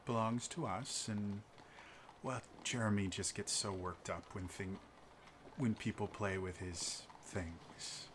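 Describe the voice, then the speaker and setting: A man voicing a courteous, soft-spoken male noble in a tabletop game, polite and measured. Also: fairly low pitch, steady tone, noisy background. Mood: smooth courtesy.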